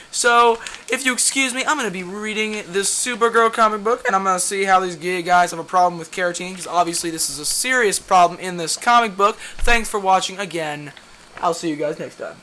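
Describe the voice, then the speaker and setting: A young man with a high, sharp voice chats his way through a pile of comics. He rambles and stumbles, corrects his own words, and keeps dragging himself back to the point. A faint room hum sits behind him. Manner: rambling, loses his train of thought and self-corrects. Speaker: comic book vlogger. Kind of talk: casual rambling video commentary.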